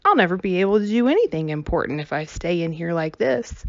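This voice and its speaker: A woman voicing a restless, headstrong young girl who speaks softly and wistfully. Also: on the low side, expressive, fast talker, no room sound, highs cut off. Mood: confiding.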